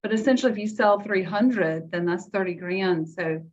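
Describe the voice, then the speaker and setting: A woman's voice: medium pitch, normal speed. Chatty woman on a dull video call. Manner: chatty, storytelling with quoted asides. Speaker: guest, health care foundation director. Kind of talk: casual video call chat.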